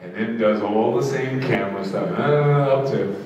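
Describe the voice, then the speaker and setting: A man telling long, animated stories as an interview guest on a conference stage, recorded from a distance in an echoey hall. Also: mid-range voice, moderate pace, highs cut off. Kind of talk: onstage storytelling interview. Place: conference stage before an audience. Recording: echoey hall, distant mic, crowd and noise.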